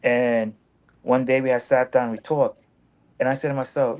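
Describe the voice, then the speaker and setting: A man's voice: medium pitch, level tone, normal speed, darkish tone. A man in casual conversation, telling a long story with lots of repetition and acted-out quoted dialogue. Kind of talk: casual street-talk storytelling.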